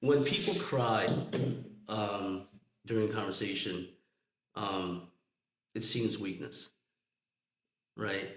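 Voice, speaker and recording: A man's voice: on the low side, takes it slowly, pauses often, roomy sound, low-quality recording. A man co-hosting a podcast, explaining ideas and checking in with "right?" and "you know". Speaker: podcast co-host. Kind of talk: casual chat.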